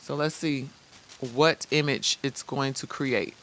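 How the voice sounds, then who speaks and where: A woman hosting a live-streamed software tutorial. She chats casually in slang and talks straight to her viewers. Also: extremely low pitch, slow pace, slight background noise. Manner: lively, chatty, addresses viewers directly. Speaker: host.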